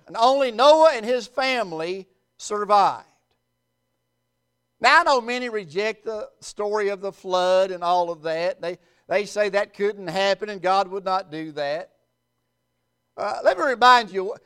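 High-voiced preacher. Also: male voice, a bit bright, smooth. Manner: emphatic, with dramatic pauses and swings in volume. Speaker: pastor. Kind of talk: sermon.

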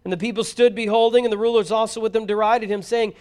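A man giving a solemn, measured formal scripture reading. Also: high voice, steady tone, a little mellow, clear, resonant tone. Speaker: scripture reader.

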